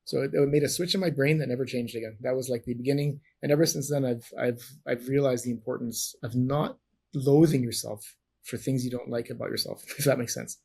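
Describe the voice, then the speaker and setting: A middle-aged Canadian man, a former champion wrestler, answers interview questions with long stories full of restarts and self-corrections. His medium-pitched voice is creaky, darkish and breathy at the edges, fairly even in intonation and fairly quick.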